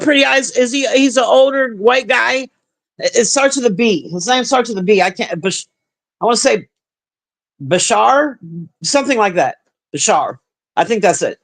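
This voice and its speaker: A man's voice: high-pitched, fairly bright tone. A man livestreaming, chatting casually and crudely with his viewers in a rambling way. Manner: profane, chatty, talks to the chat. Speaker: livestream host.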